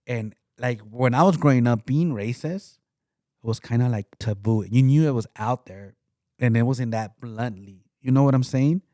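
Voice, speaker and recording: A man co-hosting a casual podcast, talking at a middling pitch. He rambles, stumbles over repeated words and breaks into laughter as he goes. The sound is dry and close. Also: moderate pace, dark tone, dry recording. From came to Utah. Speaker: podcast co-host. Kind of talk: casual chat.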